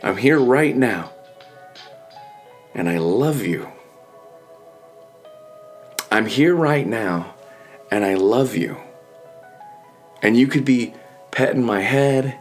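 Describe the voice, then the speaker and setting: A man voicing a loving pet dog who gently pleads with its owner for attention. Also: medium pitch, expressive, slow, pauses often, soft background music. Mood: pleading.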